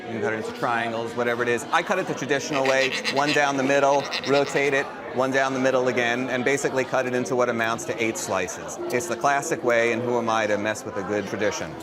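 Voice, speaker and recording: A man speaking in a measured, pedantic, formal way, deadpan in casual on-camera chat. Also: mid-range voice, crowd noise. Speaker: comedy show staff member.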